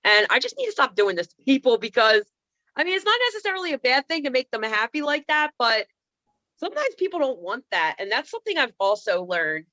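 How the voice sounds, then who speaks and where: A woman in her thirties tells funny, self-mocking stories over a video call, full of sassy playful asides. Her voice sits high and bright, leaping up and down in pitch. The sound is dry and a little dull, like a laptop mic. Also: big pitch swings, fairly quick, no echo. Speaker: comedian and speaker. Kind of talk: comedic storytelling on a video call. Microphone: computer mic on a video call.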